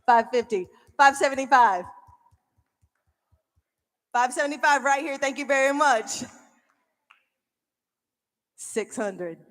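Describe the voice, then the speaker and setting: A woman auctioneer calling bids at a charity auction in quick, repetitive, playful rounds. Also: high voice, lively intonation. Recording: reverberant event hall.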